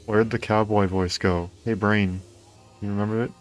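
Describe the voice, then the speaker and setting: Male streamer, low voice, let's-play commentary, muttering to himself, faint game music behind. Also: steady tone, normal speed. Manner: talks to himself, puzzled and self-mocking.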